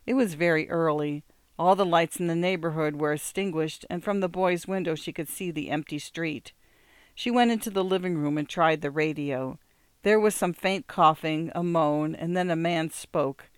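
Smooth, calm audiobook narrator. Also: mid-range voice, dry recording. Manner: calm, measured storytelling.

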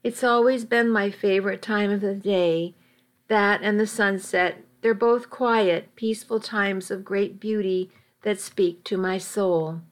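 Woman reading a romance story out loud, slow and calm, mid pitch. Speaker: narrator. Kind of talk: first-person story reading.

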